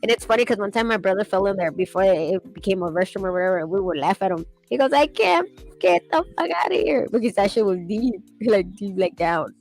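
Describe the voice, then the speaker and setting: A woman's voice: mid-range voice, fast talker, hardly any pauses, darkish tone, faint music behind, low-quality recording. A young woman streaming while she sketches, chatting casually, rambling and laughing, swearing now and then.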